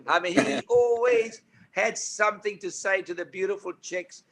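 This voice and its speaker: An older man from South Africa, a guest telling lively anecdotes in a relaxed chat. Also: sits high, moderate pace. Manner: lively anecdotes, animated impressions of others. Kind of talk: storytelling chat.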